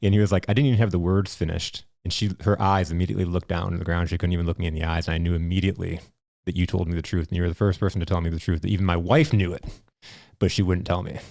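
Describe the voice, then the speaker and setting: A man's voice: low voice, rapid-fire, gravelly, dry recording, clean studio sound. A man hosting a podcast, telling blunt, profane stories in casual chat. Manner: animated storyteller, blunt and profane. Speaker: podcast host.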